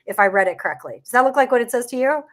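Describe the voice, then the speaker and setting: Woman, slightly higher voice, casual online chat, laughs often, lots of fillers and restarts. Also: lively intonation, racing, fairly bright tone. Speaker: market commentator.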